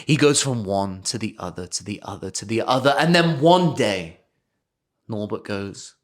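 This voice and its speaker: Animated man telling comic tales. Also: fairly low pitch, normal speed. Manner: animated, breaks into laughter, mock-dramatic. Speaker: podcast co-host. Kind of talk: improvised comic storytelling.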